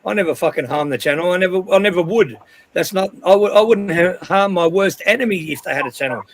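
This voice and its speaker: A man's voice: high-pitched, quick pace, low-quality recording. A man with an Australian accent, telling a heated, profane story in casual livestream chat, with many restarts. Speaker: livestream panel regular.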